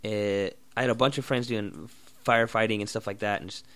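A man's voice: fairly low pitch, steady tone, a little fast, fairly bright tone, clear, resonant tone, dry recording. Profane ranting young man, dry room. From Oregon. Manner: profane, blunt, sarcastic ranting. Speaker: podcast host. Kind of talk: solo ranting podcast.

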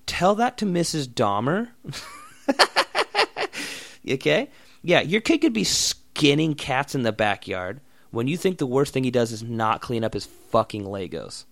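Young male podcast host, profane sarcastic ranter, animated delivery, dead-dry room sound. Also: mid-range voice, moderate pace, vocal fry, no room sound. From Oregon. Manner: profane, blunt, sarcastic ranting. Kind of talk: solo ranting podcast.

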